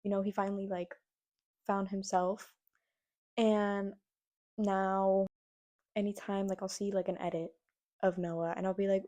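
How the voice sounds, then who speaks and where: A young woman vlogging her opinions in a casual, animated, exasperated way, often mimicking the people she criticizes. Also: medium pitch, unhurried, long pauses. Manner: animated, exasperated, mocks others in quoted voices. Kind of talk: casual opinion rant to camera.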